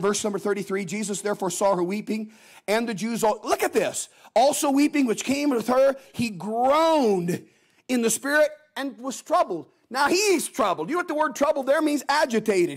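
A middle-aged man preaching a Sunday evening sermon in a folksy, animated way, acting out quotes as he tells the story. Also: very high-pitched, normal speed. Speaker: guest preacher.

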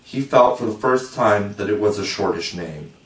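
Man, storybook narration, lowish voice, roomy distant sound. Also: animated, normal speed, a bit bright. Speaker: audiobook reader.

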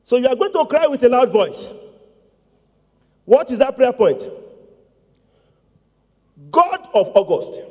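A male pastor preaching a sermon in call-and-response style, with repeated questions to the congregation and loud emphatic declarations. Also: very high-pitched, big pitch swings, takes it slowly, long pauses. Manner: call-and-response preaching, repetitive, rising to shouts. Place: church. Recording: long church hall reverb.

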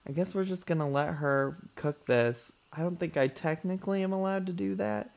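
A man's voice: on the high side, normal speed, creaky. A man giving chatty let's play commentary, calling his viewers y'all and talking back to his character with sass. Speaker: gaming YouTuber.

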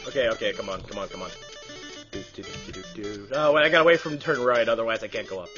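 A man recording gameplay commentary, rambling in quiet asides and then shouting excited, swearing hype lines. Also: medium pitch, quick pace, music in the background. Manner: loud, excitable, swears often; mumbled asides between bursts.

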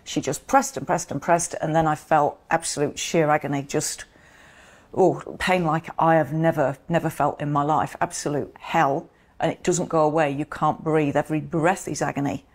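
Middle-aged woman from the UK, low voice, earnest interview guest telling her story. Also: steady tone, normal speed. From United Kingdom. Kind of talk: interview, personal account.

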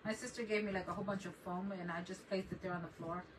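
A woman with a steady, mid-range voice talks fast while hosting a casual craft live stream from her desk at home. She chats, laughs often, and greets viewers by name, picked up by a distant mic with faint background noise.

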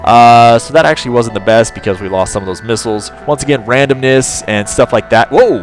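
A man giving casual let's play commentary, chatting to his crew and breaking into excited outbursts. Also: mid-range voice, fairly quick. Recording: game music behind voice.

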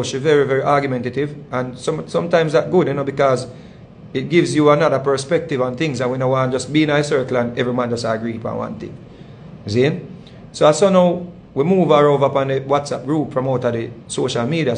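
A man's voice: medium pitch, gravelly, a little hiss or hum. A man with a Jamaican accent, hosting his channel and telling a long story in a rambling, repetitive way with heavy patois phrasing. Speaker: channel host. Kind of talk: casual storytelling monologue.

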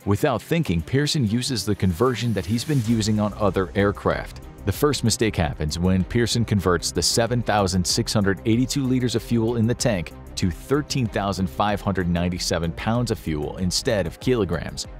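Narrator, male, very low voice, steady dramatic delivery, scripted. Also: moderate pace, few pauses, faint music behind.

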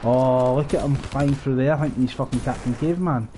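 Brisk and medium-pitched, a young man offers casual commentary while streaming a shooter from home on his headset. He's sarcastic and sweary, laughing often, with background noise in the mix.

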